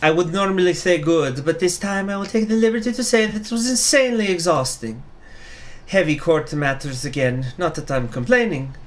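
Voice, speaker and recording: A woman's voice: fairly low pitch, lively intonation, normal speed, voice pushed up, lightly acted. A man voicing a composed female judge who speaks formally and politely. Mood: weary polite.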